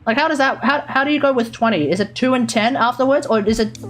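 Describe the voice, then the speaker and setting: A woman's voice: on the high side, fast, soft background music. An Australian woman live streaming, thinking aloud as she sounds out and repeats unfamiliar foreign words. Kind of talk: casual live-stream chat.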